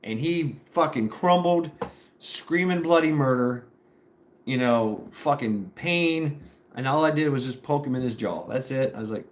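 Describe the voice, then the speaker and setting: A man's voice: medium pitch, a little slow, a little hiss or hum. A man, a former Marine, telling a story to a live audience in a rambling, profane way with lots of fillers.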